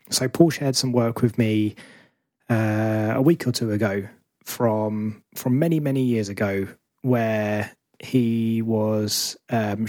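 A man's voice: medium pitch, a little mellow, dry recording. Brief: male host, musing and self-deprecating, dry close-miked sound. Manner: thoughtful, self-deprecating, stops to restart. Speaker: podcast host. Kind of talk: conversational interview.

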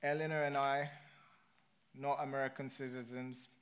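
A man's voice: medium pitch, flat delivery, moderate pace, fairly bright tone. A British man preaching a sermon in a conversational way, often checking in with his listeners. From Britain. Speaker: pastor.

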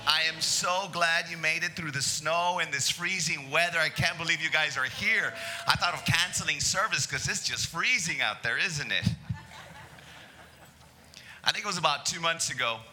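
A male pastor preaching to his church, telling a story in a lively, joking way. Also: on the high side, moderate pace, a little hiss or hum, low-quality recording. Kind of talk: sermon with storytelling.

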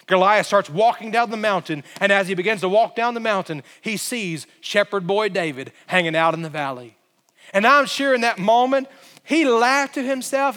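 A man's voice: sits high, normal speed, pushed and bright, big-room sound. A male pastor delivering a sermon in a church sanctuary, telling the story dramatically and building to emphatic peaks.

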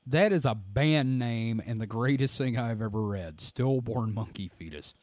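A hoarse man co-hosting a podcast in casual, joking, profane banter. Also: mid-range voice, a little slow, hardly any pauses, darkish tone, no echo. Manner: joking, profane, reads stories aloud. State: hoarse throat. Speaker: podcast co-host.

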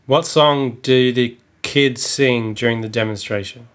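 A man's voice: mid-range voice, steady tone, unhurried. A man co-hosting a podcast, answering and asking quiz questions in a dry, joking, casual way. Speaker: podcast co-host.

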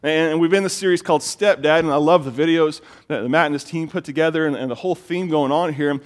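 A middle-aged man preaching a sermon as pastor, telling stories in an animated way and often repeating words as he gets excited. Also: a little high, fast.

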